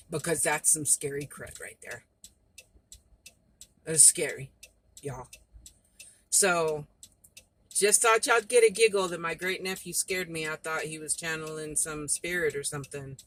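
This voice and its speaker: A woman's voice: deep voice, normal speed, long pauses, a bit bright. A middle-aged woman, rambling and chatty as she tells a story to her phone camera. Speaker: vlogger. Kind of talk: casual chat to camera. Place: in a car. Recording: noisy car phone recording. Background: road and vehicle noise.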